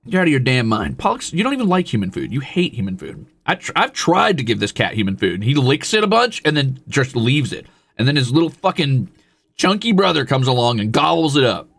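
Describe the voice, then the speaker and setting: Husky, lively-voiced male streamer. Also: mid-range voice, brisk, no room sound. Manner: teasing, swears casually, coos and scolds at his cat. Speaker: live streamer. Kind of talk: casual live-stream chat.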